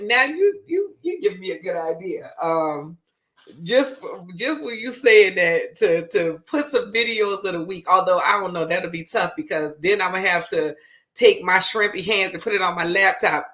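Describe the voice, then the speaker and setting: Here a woman from Louisiana, speaking with a New Orleans accent, runs her own show and talks straight to the audience in a chatty, easygoing way while cooking. Her voice is mid-range with a fairly bright quality.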